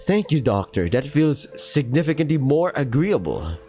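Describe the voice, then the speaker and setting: A man's voice: a little high, sing-song, moderate pace, dark tone, soft background music. A man putting on a prim British gent. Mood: formal. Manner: overly formal, genteel. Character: prim polite British male war veteran.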